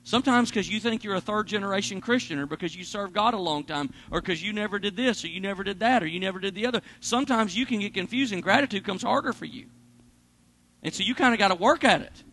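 Brief: high-pitched man preaching, lively, dynamic swings. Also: quick pace. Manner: animated preaching, swings between loud and hushed. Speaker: pastor. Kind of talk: sermon.

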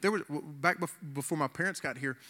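A man's voice: a little high, fairly quick, sharp tone. Earnest man preaching in a reverberant hall. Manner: earnest, repeats words, acts out quoted voices. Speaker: pastor. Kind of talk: sermon. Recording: long reverb of a large hall.

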